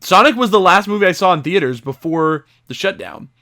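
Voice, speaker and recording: Excitable young man on a podcast. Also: high voice, a little fast. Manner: excitable, shouting when retelling his reactions. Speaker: podcast co-host. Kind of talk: casual chat.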